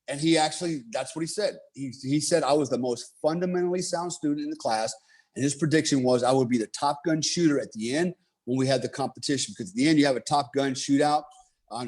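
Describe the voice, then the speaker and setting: In a medium-pitched, slightly mellow voice, the man carries on his long, easygoing story. Profanity flows freely, and "you know" and "right?" come up constantly.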